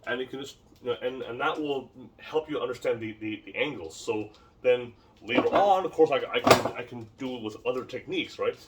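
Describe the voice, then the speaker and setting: A man's voice: medium pitch, a little fast, far from the mic, very noisy. A man teaching martial arts drills in a casual, rambling way, often repeating words as he demonstrates. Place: home training space.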